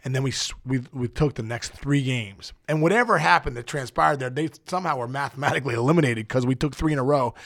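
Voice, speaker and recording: A middle-aged man, a podcast guest, telling a rambling, excitable story in casual chat and acting out the quotes with big jumps in his voice. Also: mid-range voice, fast talker, vocal fry, hardly any pauses, dry recording, clean studio sound. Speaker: podcast guest, former baseball player.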